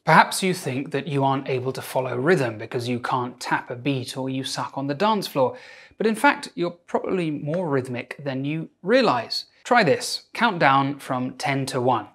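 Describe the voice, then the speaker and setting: A man's voice: mid-range voice, fairly bright tone. A man, a doctor, narrating a scripted educational video with wry, self-mocking asides.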